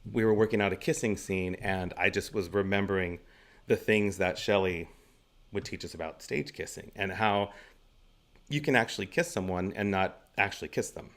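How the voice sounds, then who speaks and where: A man's voice: deep voice, normal speed. Chatty man telling theatre stories. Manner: chatty, laughs often between stories; gives practical stage tips. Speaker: guest actor. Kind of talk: anecdotal interview storytelling.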